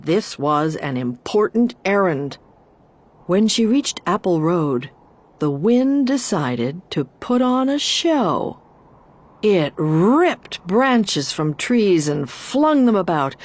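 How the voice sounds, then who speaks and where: Slow, expressive woman storyteller. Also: lowish voice. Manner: expressive, deliberate reading. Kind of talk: storybook narration.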